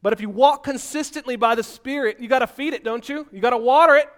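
A man preaching an energetic, animated sermon, so physically active that he sounds out of breath at times. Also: very high-pitched, fast.

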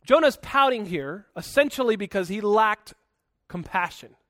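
A man preaching a sermon in an emphatic, conversational way, with big swings in loudness. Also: high voice, expressive, normal speed, no room sound, clean studio sound. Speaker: pastor.

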